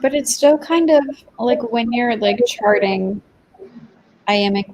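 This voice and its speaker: A woman's voice: fairly high pitch, slow, darkish tone, slight background noise. A woman guest on a livestream, chatting casually about writing and poetry.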